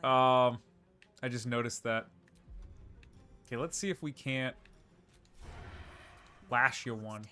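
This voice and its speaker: Man, game streamer, chatty, playful, laughs a lot, bright tense tone. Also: medium pitch, fairly even intonation, takes it slowly, long pauses, faint music behind. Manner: chatty, playful, laughs often, answers viewer questions. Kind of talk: livestream gameplay commentary and chat replies.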